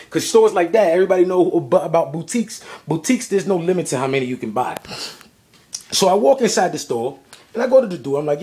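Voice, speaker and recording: A man telling a casual vlog story about buying sneakers, animated and full of slang. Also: sits high, quick pace. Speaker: sneaker vlogger.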